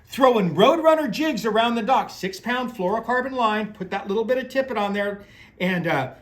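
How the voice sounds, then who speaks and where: A man's voice: high-pitched, animated, moderate pace. A man talks casually about fishing tackle and tactics. He rambles in a folksy way, trailing off and restarting mid-sentence as he tells stories from his guiding days. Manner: rambling storyteller, many restarts, folksy phrasing. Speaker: fishing guide and tackle presenter. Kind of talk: casual talk on crappie fishing.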